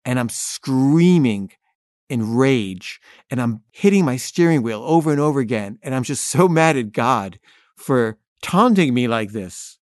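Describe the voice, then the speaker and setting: A man's voice: mid-range voice, lively intonation, unhurried, no room sound, clean studio sound. Wry man telling a personal story. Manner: wry, candid, laughs at himself.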